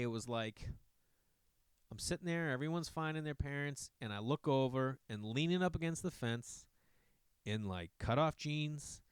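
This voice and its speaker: Man, casual storyteller, animated and profane, smooth voice, dry sound. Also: mid-range voice, no room sound. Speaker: comedian telling a story.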